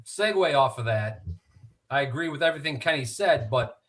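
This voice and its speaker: Lively New firefighter telling stories. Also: male voice, medium pitch, moderate pace. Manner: animated storyteller who acts out quotes. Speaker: guest, retired firefighter. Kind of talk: casual storytelling.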